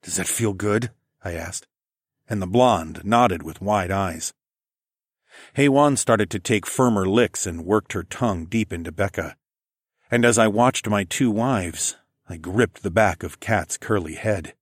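Guy reading an adult story, lowish soft murmur, bone dry close mic. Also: unhurried, no room sound. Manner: soft, low-key, murmured. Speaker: narrator. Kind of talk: first-person adult story narration.

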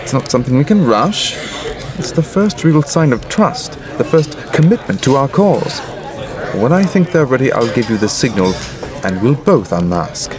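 An actor playing a cold, commanding lord who plots a conspiracy in a radio play. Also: male voice, medium pitch, very animated, normal speed, crowd noise, natural voice. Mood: grave. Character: scheming male conspirator lord, cold and ruthless. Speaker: conspirator plotting a coup.

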